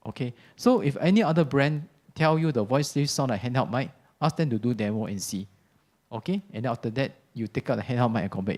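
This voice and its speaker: A man's voice: medium pitch, expressive, moderate pace, darkish tone. Chatty man teaching a workshop. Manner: chatty, informal, checks in with "okay?" often. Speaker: audio product trainer. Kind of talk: workshop product demo talk. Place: workshop classroom. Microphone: ceiling and handheld microphones in a live demo.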